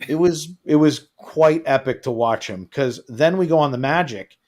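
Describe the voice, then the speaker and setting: A man's voice: mid-range voice, normal speed. A man co-hosting a live travel chat, telling stories with lots of energy and acting out the people he quotes. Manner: animated storytelling, acts out quotes. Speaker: co-host of a travel show. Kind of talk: casual livestream chat.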